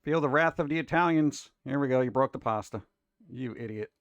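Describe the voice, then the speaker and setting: A man's voice: medium pitch, fairly quick, dry recording, lo-fi sound. A man hosting a casual reaction show about food videos, talking in an exasperated, wisecracking way.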